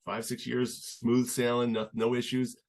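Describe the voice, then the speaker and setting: A young man chatting as a podcast guest, telling his story in an earnest, halting way with many restarts. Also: mid-range voice, flat delivery, darkish tone. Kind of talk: casual conversational storytelling.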